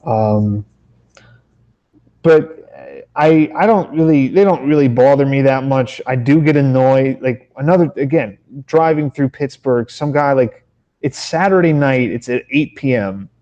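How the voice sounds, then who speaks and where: A man's voice: mid-range voice, a little slow, dark tone, dull audio. A man co-hosting a podcast in casual chat, telling rambling stories with lots of swearing and restarts. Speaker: podcast co-host.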